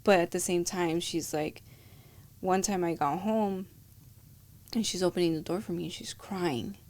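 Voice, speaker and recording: Woman, podcast guest; casual chat, animated storyteller who acts out quoted lines. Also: on the low side, normal speed.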